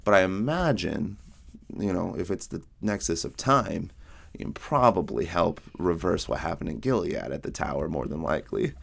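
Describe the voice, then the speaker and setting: A man co-hosting a podcast, talking through a book in casual chat and rambling through retold scenes with quick quotes from the characters. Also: low-pitched, lively intonation, gravelly, a bit bright. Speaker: podcast co-host.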